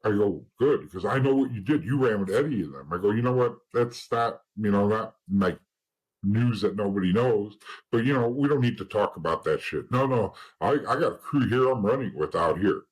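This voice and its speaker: A man's voice: on the low side, expressive, normal speed, husky, rough recording. A man guest in an interview, telling stories in blunt casual talk with swearing and acting out the dialogue of the people in them.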